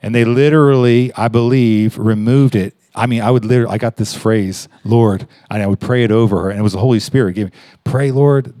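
A man preaching in a conversational way, telling a story with halting restarts and rising emphasis. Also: on the low side, fairly even intonation, mellow, no echo, studio quality. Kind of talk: conversational sermon.

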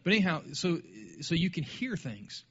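A man's voice: a little high, very animated, normal speed, a bit bright, husky, muffled recording. A man talking casually about faith in a conversational way, often restarting his sentences.

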